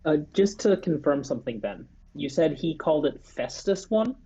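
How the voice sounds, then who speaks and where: Mellow, careful male player. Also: on the high side, very animated, normal speed, husky. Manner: careful, checking details. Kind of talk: casual tabletop play. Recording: dull lo-fi mic.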